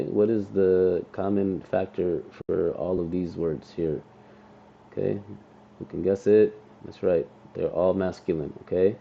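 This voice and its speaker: A man's voice: low-pitched, vocal fry, warm tone, dull audio, slight background noise. A man teaching an Arabic class, explaining step by step and checking in with "okay?" after each point. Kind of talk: classroom language lesson.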